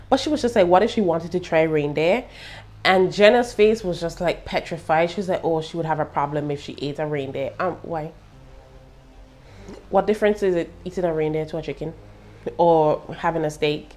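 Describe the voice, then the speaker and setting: A young British woman reviewing a TV show in a casual, animated way, laughing and throwing in slangy asides. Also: on the low side. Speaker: TV review vlogger.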